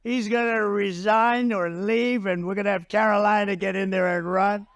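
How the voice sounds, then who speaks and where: A man's voice: high-pitched, fairly even intonation, normal speed, creaky. An older man giving a campaign rally speech, rambling and repeating himself with boastful asides. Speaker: political candidate. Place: political rally stage.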